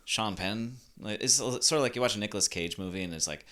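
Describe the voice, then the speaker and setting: Deep-voiced man with a bright edge. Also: fast. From Boston area. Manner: fillers like "like", swears casually. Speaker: podcast co-host. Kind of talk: casual chat.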